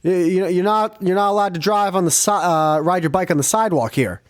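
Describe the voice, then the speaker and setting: A man doing a fussy sixty-five-year-old busybody, whiny and indignant, his voice jumping up high as he scolds and taunts. The sound is close and dry, with no room around it. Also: quick pace, dry recording, lightly acted. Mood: scolding.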